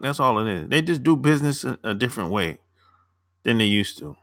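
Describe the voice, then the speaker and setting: Animated man rambling on a live stream. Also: mid-range voice, a little fast, vocal fry, no echo, studio quality. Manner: loose, rambling, repeats words, swears casually. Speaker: dating coach answering live chat. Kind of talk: casual live-stream chat.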